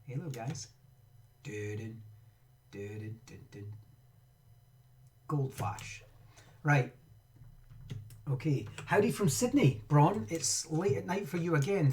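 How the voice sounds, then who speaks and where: A man's voice: medium pitch, darkish tone, a little hiss or hum. A man, chatting casually and rambling as he teaches a live-streamed game lesson, often breaking off mid-sentence. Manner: chatty, rambling, self-interrupting.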